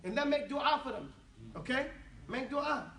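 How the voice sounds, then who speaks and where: A man's voice: very high-pitched, animated, moderate pace, a bit bright, slight background noise. A man teaching an Arabic class, playful and joking as he drills the students on phrases. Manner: playful, joking, switching between English and Arabic. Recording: echoey room, voice from a distance.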